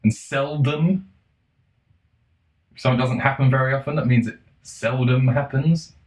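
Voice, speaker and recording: A man's voice: medium pitch, normal speed, a little mellow, reverberant, low-quality recording. A man ranting in a casual monologue, exasperated and sarcastic, swearing and laughing between points. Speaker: vlogger.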